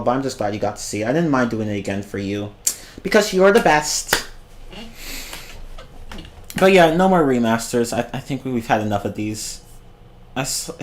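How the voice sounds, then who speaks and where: A young man rants his way through a casual livestream, his pitch leaping wildly up and down as he keeps collapsing into fits of giggles. He swears freely and rambles from one thought to the next. A faint hiss sits under his voice. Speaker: streamer.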